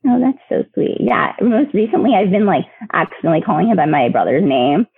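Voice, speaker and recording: A woman's voice: lowish voice, big pitch swings, a little fast, creaky, husky, no echo. A woman in her thirties, a podcast guest telling personal stories in a chatty way, full of fillers and frequent laughs. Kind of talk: personal storytelling. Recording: tinny phone-line audio, dry.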